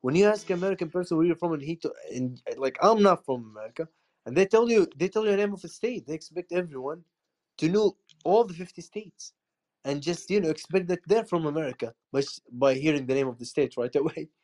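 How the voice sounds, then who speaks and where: A man from Saudi Arabia, an English speaker, chatting casually in a group voice chat and stammering and repeating words when excited. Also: on the high side, fast.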